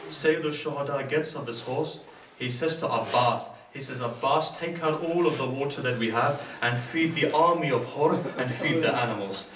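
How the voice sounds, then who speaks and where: A man's voice: medium pitch, normal speed, fairly bright tone, slight background noise. Man, British accent, preacher, dramatic storytelling sermon, echoey hall. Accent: British English. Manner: dramatic storytelling, voicing each figure. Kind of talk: majlis sermon narration. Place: mosque hall. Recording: echoey hall, distant mic.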